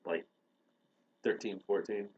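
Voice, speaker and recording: A man's voice: lowish voice, steady tone, slow pace, a little mellow, slightly rough, lo-fi sound. A young man on a podcast, casually retelling a story and acting out the quoted lines. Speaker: podcast host.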